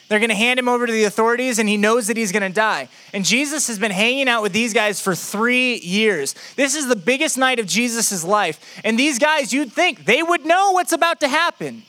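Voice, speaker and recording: Male pastor, conversational sermon, rhetorical questions, high pitch, bright tone.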